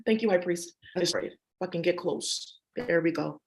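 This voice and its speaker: A woman's voice: on the low side, moderate pace, darkish tone. A woman vlogger talking in a rambling, profane monologue that jumps between topics.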